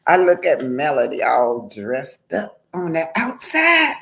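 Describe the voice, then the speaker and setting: Slow-talking woman. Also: deep voice, huge pitch swings, gravelly. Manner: warm greetings, emphatic repetition, slow drawn-out phrasing; laughs often. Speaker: vlogger. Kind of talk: casual live-stream talk.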